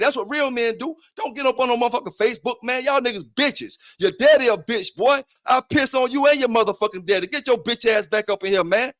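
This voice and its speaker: A man's voice: extremely high pitch, a bit bright. A man hosting a livestream, taunting and cursing at a rival in heated trash talk. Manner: profane, taunting, challenging. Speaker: livestream host.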